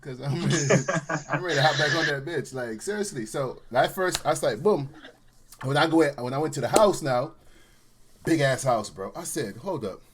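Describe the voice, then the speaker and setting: A man in casual podcast chat, telling stories in an animated way, with sudden loud and hushed turns. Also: a little high, normal speed, noisy background. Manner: animated storytelling, swings between loud and hushed. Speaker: podcast guest.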